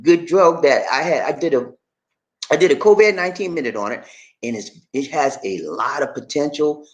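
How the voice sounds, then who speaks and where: Animated laughing livestream host man. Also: on the high side, moderate pace, highs cut off. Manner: animated, laughing, drawling and chatty. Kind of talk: casual livestream chat reading comments.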